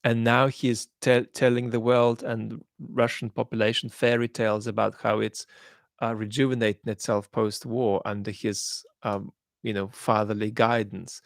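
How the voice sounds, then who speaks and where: A man hosts a live stream and reads out viewer comments in a mixed accent with traces of Australian and London, speaking thoughtfully with many ums and turning blunt when he judges. His voice is fairly low, level and creaky at normal speed, in studio quality with no room sound.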